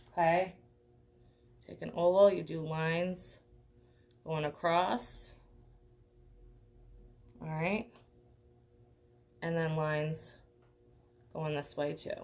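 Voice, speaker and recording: A young woman teaching a live online painting class, chatty and encouraging, checking in with "okay?" often. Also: fairly low pitch. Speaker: art teacher.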